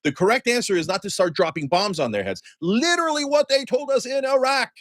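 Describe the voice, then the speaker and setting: A man with a notably high voice rattles off heated political commentary at a rapid clip, sarcastic and emphatic as he rants. The recording is dry and close, with no room sound. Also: sing-song, fairly bright tone, dry recording.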